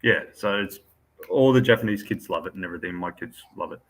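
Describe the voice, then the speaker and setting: An Australian co-host in casual conversation, feeling his way through his points with frequent pauses and fillers. His voice is fairly low for a man. He laughs easily between remarks. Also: fairly bright tone, poor audio. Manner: hesitant, lots of ums and quick laughs. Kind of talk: casual live-stream chat.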